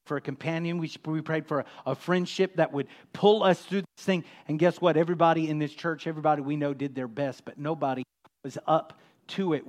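A man preaching a sermon as pastor, dropping to a hush and rising to emphatic, loud peaks. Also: on the high side, fairly even intonation, a little fast. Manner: swings from hushed to loud, emphatic.

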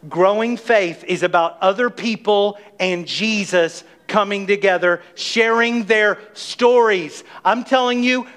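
A middle-aged man preaching a sermon as pastor of his church, emphatic and energetic, calling on the congregation to respond. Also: high voice, a little slow, hardly any pauses, clear, resonant tone. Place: church sanctuary.

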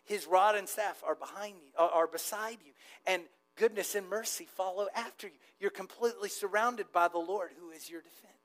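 A male pastor preaching a sermon, moving between hushed asides and loud emphatic build-ups. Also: high-pitched, a little fast, hardly any pauses, low-quality recording.

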